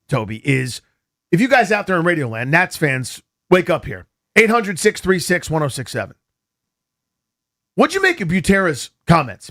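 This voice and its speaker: Excitable male sports radio host with a high, bouncing voice, talks quickly. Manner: animated, rapid, takes calls. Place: radio studio.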